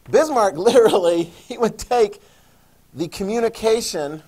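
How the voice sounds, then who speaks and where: Male teacher, lively classroom lecturer, voice ranging high and low, playful asides. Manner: animated, jokey, acts out quoted voices. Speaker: history teacher.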